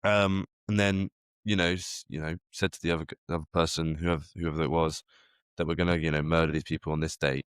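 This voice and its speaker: A man's voice: very deep voice, level tone, fast talker, smooth, no room sound, clean studio sound. A man, co-hosting a podcast and rambling through theories in casual chat, with frequent restarts. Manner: rambling, speculative, full of restarts. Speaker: podcast co-host.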